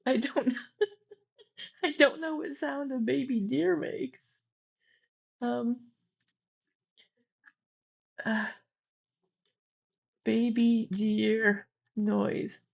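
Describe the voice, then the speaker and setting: Slow-talking giggly woman streamer. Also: fairly high pitch, fairly even intonation, gravelly, a little mellow. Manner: giggly, breaks into frequent laughter. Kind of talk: casual live-stream chat. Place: indoor room with neighbors next door. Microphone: earbuds with a computer mic. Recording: slightly dull lo-fi stream audio.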